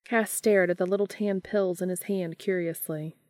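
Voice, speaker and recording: A woman narrating a fan fiction audiobook in a calm, even storytelling manner. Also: fairly low pitch, normal speed, dry recording, studio quality.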